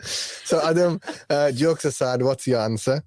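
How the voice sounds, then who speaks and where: A man hosting a live radio show in a studio, chatting casually and joking with callers, with lots of halting fillers. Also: on the high side, a little mellow, dry recording. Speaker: radio host.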